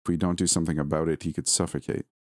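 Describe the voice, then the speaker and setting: A somber hospital doctor, measured and grave, as a man reads him. The voice sits very deep, dry and close to the mic. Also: level tone, darkish tone, no room sound.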